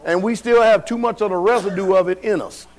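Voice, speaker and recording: High-voiced preaching man, folksy. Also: fairly quick, a little mellow. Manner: call-and-response preaching, asks the congregation questions; folksy, colloquial. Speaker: pastor. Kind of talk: sermon. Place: church sanctuary.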